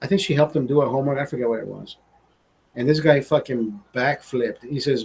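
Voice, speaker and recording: A young man hosting a livestream, telling a rambling, profane story in a casual, animated way. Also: mid-range voice, brisk, vocal fry, husky. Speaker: livestream host.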